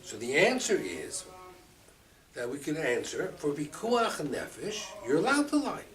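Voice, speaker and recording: A rabbi teaching a Torah class, lively and expressive, acting out the quotes and mixing in Hebrew terms. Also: male voice, on the high side, a little slow. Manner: animated, acts out quotes, mixes Hebrew terms. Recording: distant mic with faint room ambience.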